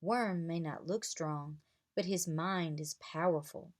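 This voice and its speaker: A woman voicing a calm wise dragon master. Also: deep voice, slow.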